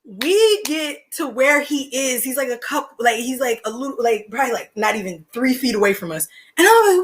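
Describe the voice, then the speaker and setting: A woman's voice: sits high, moderate pace, few pauses. A young woman, a podcast guest telling stories in casual, slangy chat and laughing between lines. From Philadelphia, USA. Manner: animated, slangy, laughs mid-story.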